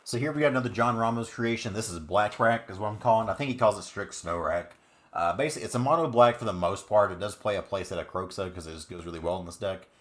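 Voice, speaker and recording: A man's voice: fairly low pitch, fast. A man giving upbeat, chatty commentary on card game decks, with many fillers. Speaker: card game content creator. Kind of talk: casual deck commentary.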